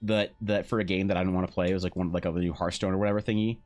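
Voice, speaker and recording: A man's voice: sits low, little pitch movement, racing, a little mellow, faint music behind. A young man chatting casually on a live art stream, rambling through a story, swearing and acting out both sides of the conversation. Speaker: streaming artist.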